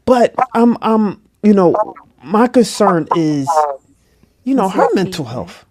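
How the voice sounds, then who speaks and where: A man co-hosts a relaxed talk show with a slightly high voice. He rambles through his questions, filling pauses with "you know" and "right", and laughs easily. His tone stays loose and friendly. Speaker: co-host. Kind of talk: casual interview chat.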